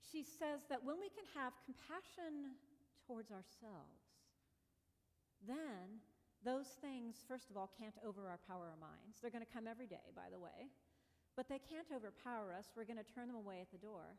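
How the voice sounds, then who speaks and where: A woman pastor tells stories from the pulpit in a conversational way and acts out her own cries and apologies. Her voice sits a little high. The sound carries a long echo from the hall. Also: animated, normal speed, darkish tone. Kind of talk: storytelling sermon. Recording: long reverb of a church hall.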